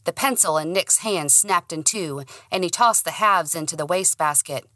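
Bright-voiced woman narrating an audiobook. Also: on the low side, normal speed, dry recording, clean studio sound. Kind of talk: first-person audiobook narration.

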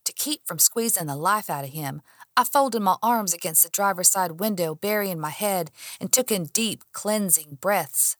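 A woman reading a first-person audiobook in an expressive way, acting out her own heated lines. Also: lowish voice, moderate pace, no echo, clean studio sound. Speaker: audiobook narrator.

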